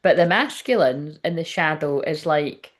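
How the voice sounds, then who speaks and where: A woman's voice: sits low, moderate pace. A woman giving a casual tarot reading, chatty and frank, swearing often and laughing as she talks. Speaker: tarot reader.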